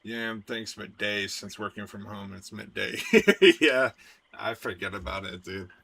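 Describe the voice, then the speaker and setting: A man's voice: fairly low pitch, level tone, normal speed, creaky, bright, forceful tone, breathy edge. A man chatting casually with his stream viewers, rambling and laid-back, with lots of filler words and swearing. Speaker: game streamer.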